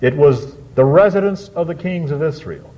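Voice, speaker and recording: A man preaching a sermon on a psalm, reading scripture slowly and drawing out key words with emphatic swings. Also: fairly high pitch, dark tone. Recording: dull lo-fi sound.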